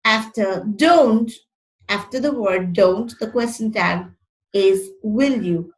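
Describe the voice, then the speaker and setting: A woman's voice: mid-range voice, takes it slowly, low-quality recording. A woman teaching an online English grammar lesson, who explains step by step, reads example sentences aloud and corrects her own slips.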